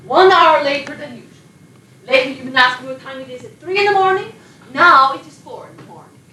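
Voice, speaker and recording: A sleepless Polish actress. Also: female voice, sits high, a little fast, bright, forceful tone. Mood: weary. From Poland. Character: sleepless Polish émigré actress, chatty and self-promoting. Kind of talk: film monologue. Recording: echoey room, distant mic, background noise.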